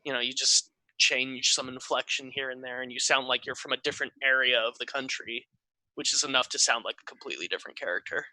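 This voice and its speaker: Bright-voiced man, dry mic. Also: mid-range voice, fairly even intonation, fast, no room sound, rough recording. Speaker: dungeon master. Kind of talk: casual chat.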